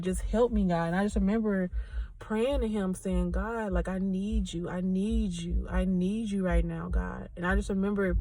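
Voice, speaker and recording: Woman host, mid-pitched, dry close sound, earnest chatty faith talk with frequent laughs. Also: no room sound. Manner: earnest, chatty, addresses listeners as y'all; laughs often between phrases. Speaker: podcast host. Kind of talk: casual faith talk and personal testimony.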